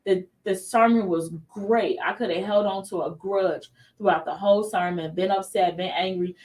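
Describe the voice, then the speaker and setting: A woman host in her thirties chats through a faith talk show and tells stories with real animation, slipping into the voices of the people she quotes. Her voice sits at an everyday middle pitch. She is recorded a little way back from the mic. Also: moderate pace, far from the mic, low-quality recording. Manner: animated storytelling, acts out quoted dialogue.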